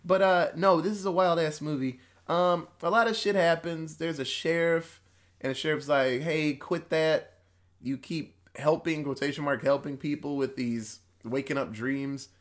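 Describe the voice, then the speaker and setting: A man's voice: a little high, a little slow. A man on a podcast casually retelling a horror movie plot, rambling and swearing, quoting the characters as he goes and laughing between points. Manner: profane, rambling storytelling with quoted voices. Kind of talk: casual movie recap chat.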